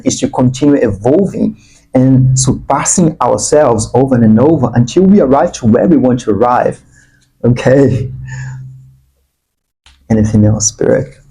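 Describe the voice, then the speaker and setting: A man giving an earnest, spiritual channeled tarot reading, sometimes breaking into excited bursts. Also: mid-range voice, measured pace, slightly rough, rough recording. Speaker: tarot reader.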